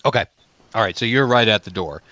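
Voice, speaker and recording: A man running a tabletop game as game master, relaxed and halting, with many ums and restarts. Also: on the low side, dry recording.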